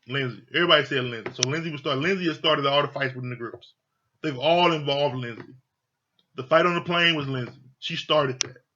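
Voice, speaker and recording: A man's voice: on the high side, pushed and bright, highs cut off. A man casually reviewing a reality show, talking bluntly and profanely with an exasperated edge.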